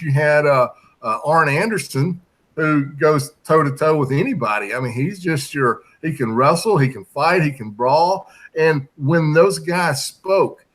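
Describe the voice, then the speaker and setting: A man from Tennessee, a guest on a talk show, speaks in a reflective and halting way. His voice sits a little high, and he keeps stopping to search for the right words. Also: fairly bright tone. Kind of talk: casual chat.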